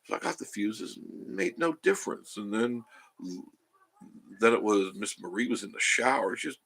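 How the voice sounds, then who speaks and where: A man's voice: on the low side, brisk, gravelly, a bit bright. A man hosting a live stream from home, rambling through a story and reading out chat comments. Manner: rambling, chatty, self-interrupting.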